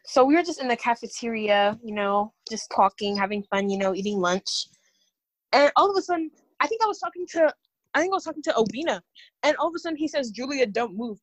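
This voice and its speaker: Fast-talking husky young woman. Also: a little high, no room sound, rough recording. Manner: animated, rambling, lots of fillers. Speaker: podcast co-host. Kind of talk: casual storytelling.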